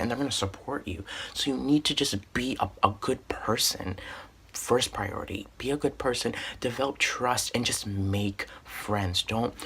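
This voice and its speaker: A man's voice: on the low side, fairly bright tone, husky. A young man telling a personal story in a casual storytime vlog, earnest and heartfelt, rambling with restarts. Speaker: storytime vlogger.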